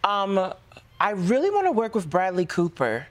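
A woman actor from central Pennsylvania, a talk show guest telling lively stories and acting out quotes. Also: mid-range voice, normal speed. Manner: lively storytelling, acts out quotes.

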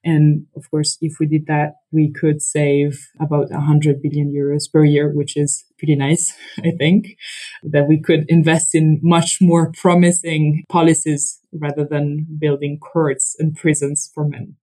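A woman from Italy with an Italian accent, speaking as an economist guest in a podcast interview, thoughtful and halting with frequent restarts. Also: deep voice, level tone, dark tone, poor audio.

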